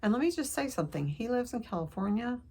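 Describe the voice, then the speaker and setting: An older woman telling a personal family story to camera, earnest and emotional, with pauses and restarts. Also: on the high side, sing-song, dark tone, breathy edge. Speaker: counselor vlogger.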